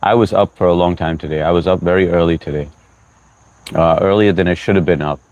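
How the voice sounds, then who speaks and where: A man's voice: sits low, steady tone, a little fast, a little mellow, dry recording, muffled recording. Sleepy young man hosting a livestream. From United States. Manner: friendly, greets chatters by name, mixes in Hindi phrases. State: short on sleep. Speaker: livestream host. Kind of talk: casual livestream chat greeting viewers.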